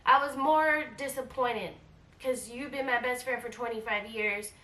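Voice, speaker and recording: A woman in her forties telling a travel storytime in a casual, animated way, acting out quoted lines and repeating herself. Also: fairly high pitch, a little slow, far from the mic. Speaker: travel vlogger. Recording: echoey room, voice a bit off-mic.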